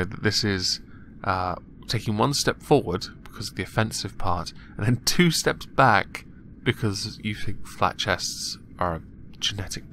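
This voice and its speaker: A man's voice: fairly low pitch, bright, forceful tone, slight background noise. A man giving casual, mocking commentary on news stories, sarcastic and chuckling at his own jokes. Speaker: commentary vlogger.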